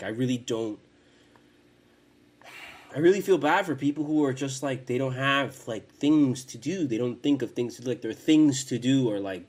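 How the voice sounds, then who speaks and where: A man's voice: lowish voice, darkish tone, breathy edge. A young man hosting a casual podcast from his home, rambling and cursing, with many false starts. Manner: profane, rambling, frequent restarts. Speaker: podcast host.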